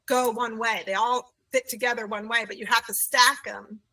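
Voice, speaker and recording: A woman who owns a childcare center, telling her story in an animated conversational way in an interview. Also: on the high side, moderate pace, distant mic, poor audio. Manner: animated, acts out quoted voices.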